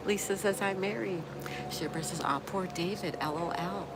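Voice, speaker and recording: A woman with a fairly low voice speaks a little slowly while hosting a casual livestream. She reads comments from viewers aloud and chats back laughing, over noticeable background noise.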